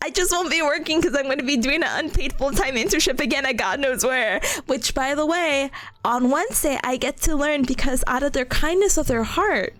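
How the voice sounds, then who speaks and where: A young woman streamer talks to her viewers in a high, bright voice. Her pitch swoops up and down as she tells the story with lively energy. She laughs easily and pokes fun at herself. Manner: animated, laughs often, self-mocking. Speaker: study streamer. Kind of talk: casual storytelling chat.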